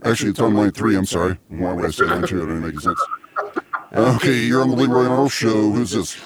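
A man's voice: on the low side, fast, a loud crowd. A man hosting a casual comedy podcast, chatty and rambling. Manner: chatty, laughs easily, rambling. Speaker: podcast host.

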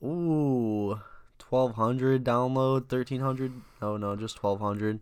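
A man's voice: mid-range voice, slow, a little mellow, clear, resonant tone, dry recording. A young man co-hosting a podcast in casual banter, dropping dry, joking asides. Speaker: podcast co-host.

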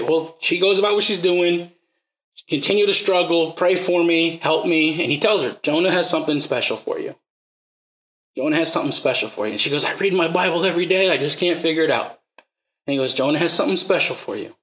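A man's voice: a little high, pushed and bright, echoey room, low-quality recording. A man preaching a sermon, telling stories and acting out the quotes, then pressing the listeners with emphatic rising questions.

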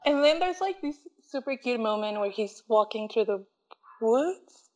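A woman's voice: on the high side, measured pace, low-quality recording. A young woman chatting casually as a podcast co-host, retelling a movie scene by scene, acting out the lines and laughing often. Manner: animated storyteller who acts out quotes, laughs often. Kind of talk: casual chat recapping a movie.

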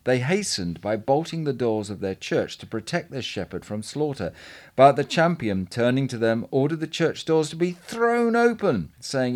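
A man reading an old chronicle aloud in a measured, earnest way, now and then stumbling over a word. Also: medium pitch, lively intonation, darkish tone. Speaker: reader.

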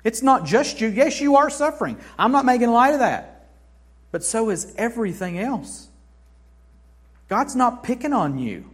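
A male pastor preaching a sermon in a church, swinging between hushed passages and forceful, emphatic declarations. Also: very high voice, slightly rough.

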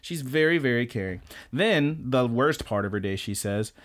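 A young man co-hosting a podcast, recapping an anime in an animated, rambling and profane way. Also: mid-range voice, normal speed. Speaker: podcast co-host. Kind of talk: casual anime recap chat.

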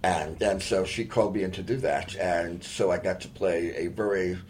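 A man with a lowish voice chats casually as a guest on a talk show. He is animated and laughs easily. A faint hiss of noise sits under the recording. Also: normal speed. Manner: animated, chatty, laughs often. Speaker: guest actor. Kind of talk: casual chat.

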